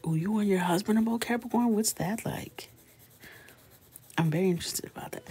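A coloring livestream host in her thirties speaks at a moderate pace in a mid-range, slightly breathy voice. Gentle and soft-spoken, she chats and laughs with her viewers, often lowering her voice to a whisper.

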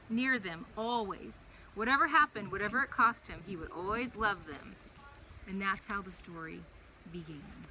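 A young woman leading a preschool chapel, reading a Bible story to young children in a playful, animated way. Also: medium pitch, noisy background.

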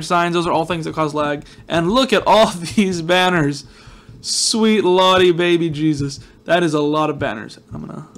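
A man's voice: a little high, fairly bright tone. Chatty man rambling over a game. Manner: rambling, joking, chatty asides to viewers. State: just woken up, groggy voice. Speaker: gaming video host. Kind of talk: casual let's-play commentary.

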